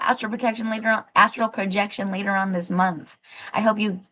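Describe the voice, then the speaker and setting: A woman hosting a casual livestream, rambling excitedly with lots of fillers and the odd swear as she thinks aloud to her viewers. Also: mid-range voice, brisk. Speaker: livestream host.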